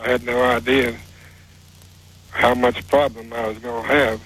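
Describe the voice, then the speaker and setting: Husky-voiced man calling in. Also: medium pitch, little pitch movement, fairly bright tone, rough recording. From West Virginia. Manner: plain-spoken, rambling, halting with fillers. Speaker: caller. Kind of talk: telling a personal story on a call-in show.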